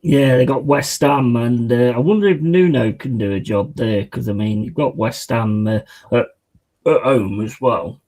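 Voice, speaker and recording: Chatty football fan streaming. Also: male voice, mid-range voice, moderate pace, poor audio. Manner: chatty, excitable, slangy. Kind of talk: live match watch-along chat.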